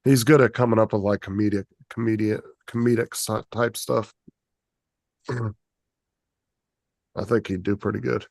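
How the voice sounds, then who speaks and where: A man's voice: fairly low pitch, fairly even intonation, a little slow, gravelly, long pauses, a little mellow, dry recording, studio quality. A man hosting a casual livestream chat, laid-back and profane, laughing often as he reads the chat. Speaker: streamer host.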